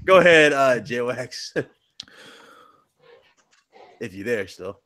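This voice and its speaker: A man hosting a casual gaming podcast, relaxed as he hands the mic to each panelist. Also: mid-range voice, slow pace, dry recording. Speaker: podcast host. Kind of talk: casual podcast outro chat.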